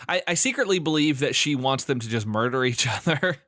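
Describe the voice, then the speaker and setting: A man's voice: medium pitch, animated, a little fast, bright, forceful tone, no room sound, clean studio sound. A man co-hosting a movie podcast in casual chat, laughing often as he recaps scenes and speculates about the plot. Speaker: podcast co-host.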